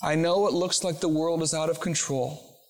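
A man preaching a sermon as pastor, moving between hushed, slow reflection and fervent, emphatic proclamation. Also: fairly high pitch, steady tone.

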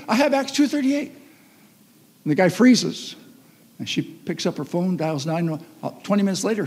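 A man's voice: high-pitched, breathy edge. A man preaching a sermon as pastor, telling stories and acting out voices. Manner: storytelling, animated, acts out voices. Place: church hall. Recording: long reverb of a church hall.

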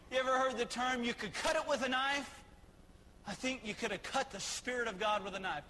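A man preaching a sermon in a high, bright, ringing voice. He drives his points with repeated rhetorical questions and swells into shouts. A faint hum of room ambience sits behind him. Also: a little fast, long reverb tail, rough recording. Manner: preaching with rising shouted emphasis. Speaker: pastor.

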